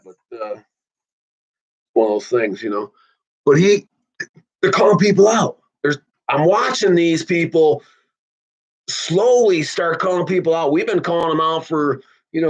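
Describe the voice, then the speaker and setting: A man hosting his own podcast, talking in a casual, blunt monologue that swings from loud outbursts to low asides. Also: lo-fi sound. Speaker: podcast host.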